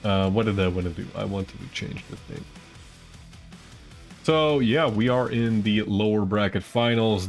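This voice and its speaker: A man doing casual live esports commentary, chatty and rambling, teasing the chat between plays. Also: lowish voice.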